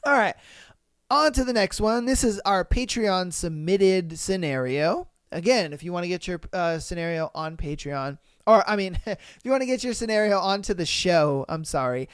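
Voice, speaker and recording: A man hosting a podcast, reading listener posts aloud and reacting with animated, slangy, profane commentary. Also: sits high, normal speed, clean tone, no echo, clean studio sound. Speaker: podcast host.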